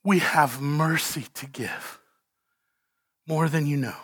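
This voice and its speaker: Male pastor, impassioned sermon delivery, bright tone, dry close sound. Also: fairly high pitch, slow, slightly rough, no room sound. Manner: impassioned preaching, swings from quiet to pleading cries. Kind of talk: closing prayer.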